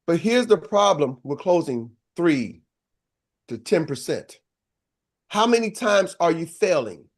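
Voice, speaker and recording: An older man coaching a live seminar, talking in a punchy, energetic way and throwing rhetorical questions to the audience. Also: on the high side, slow. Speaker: business coach.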